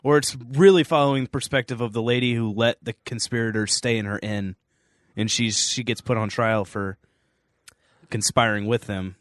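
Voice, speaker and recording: A man in podcast chat who asks short questions and adds quick remarks. His voice sits at an ordinary middle pitch. The sound is close and dry. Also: steady tone, no echo. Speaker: podcast co-host. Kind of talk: casual chat.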